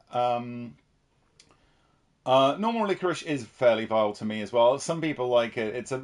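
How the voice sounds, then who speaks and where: A man's voice: mid-range voice, darkish tone. A man from the United Kingdom chatting casually while streaming a horror game and reading viewer messages. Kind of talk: casual livestream commentary.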